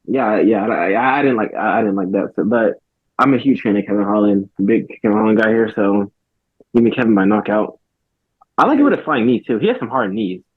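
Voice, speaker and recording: A man co-hosting a casual fight podcast, giving his picks plainly and quickly over a tinny phone-like line. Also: on the low side, expressive, slightly rough. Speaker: podcast co-host. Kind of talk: casual chat.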